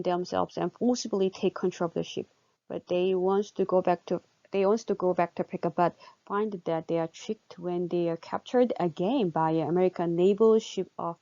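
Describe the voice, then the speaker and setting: Woman, Korean accent, university lecturer, gravelly, dull dry recording. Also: fairly low pitch, a little mellow, dry recording. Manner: explanatory, with many fillers and rhetorical questions.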